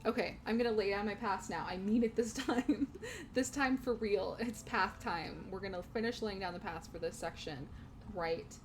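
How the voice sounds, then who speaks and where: A woman's voice: mid-range voice, normal speed, a little hiss or hum. A young woman chatting casually to her viewers while streaming a game from home, laughing often. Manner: giggly, chatty, talks to chat. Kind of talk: casual gaming stream chat. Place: home room.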